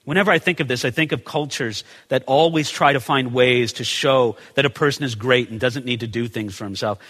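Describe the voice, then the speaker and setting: A man's voice: mid-range voice, fairly quick, in a large hall. A male pastor preaching a conversational sermon, asking rhetorical questions and acting out the people in the passage. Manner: animated, acts out the people in the story. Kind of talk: expository sermon.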